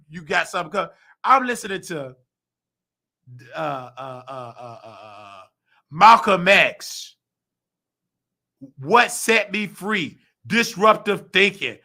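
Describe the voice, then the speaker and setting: A man ranting on his own vlog, heated and preachy, full of slang. His voice sits high and is very sharp and piercing, with a gravelly edge. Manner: mimics other people's voices in quotes. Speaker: host; nursing assistant.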